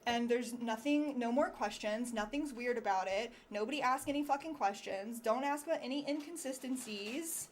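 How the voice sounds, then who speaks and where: Sarcastic animated woman streamer. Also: a little high, normal speed, few pauses, slight background noise. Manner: sarcastic, animated, swears freely. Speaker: political livestreamer. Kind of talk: livestream commentary reading chat.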